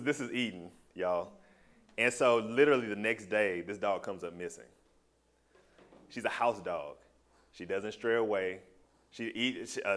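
A man sharing a personal testimony with a small group, telling his story in a loose, animated and heartfelt way. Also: lowish voice.

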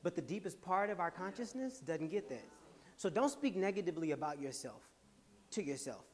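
A man hosting a podcast, giving an animated, laughing, preacher-like motivational talk to a live audience. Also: sits high, a little fast. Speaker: podcast host and speaker.

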